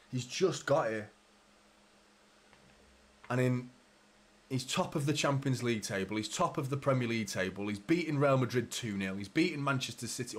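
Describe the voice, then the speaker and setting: A young man hosts a live football watchalong. He calls the play and rambles to his viewers, frustrated and swearing freely. His voice sits at a middle pitch. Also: husky. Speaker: fan channel host.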